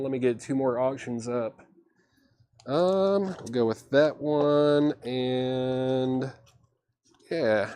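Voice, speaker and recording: Male host, casual livestream auctioneer, mid-pitched, easygoing patter. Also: darkish tone. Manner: casual, chatty, quick patter with laughs. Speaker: live sale host.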